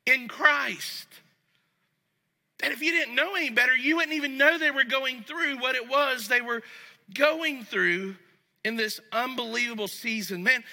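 A man preaching a sermon as pastor, talking to the congregation conversationally and going soft and low when he reads scripture. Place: church sanctuary. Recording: long reverb of a large hall.

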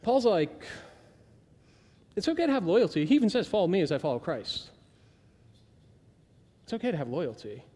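A man preaches in a loose, chatty way, slipping into little voices for the people he quotes. His voice sits high for a man. The sound carries a long reverb tail from a large church hall. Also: normal speed, pauses often, husky. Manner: conversational, animated, acts out quoted voices. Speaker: pastor. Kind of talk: sermon.

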